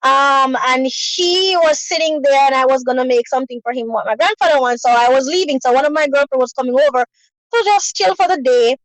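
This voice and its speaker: High-voiced woman telling her story. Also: a little fast, no room sound, rough recording. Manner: earnest, repetitive, peppered with "you know". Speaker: guest sharing a personal story. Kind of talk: emotional personal storytelling.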